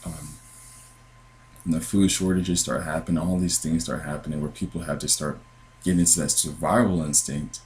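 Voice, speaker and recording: A man's voice: very deep voice, steady tone, moderate pace, a little mellow, poor audio. A man telling his dreams in a casual, earnest testimony, meandering with many fillers and restarts. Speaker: Christian podcaster sharing dreams. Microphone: computer with headphones.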